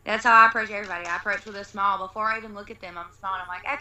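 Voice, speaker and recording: A woman's voice: mid-range voice, flat delivery, racing, few pauses, sharp tone. A young woman, telling stories in a casual chat, laughing and acting out her own quotes. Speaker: interview guest.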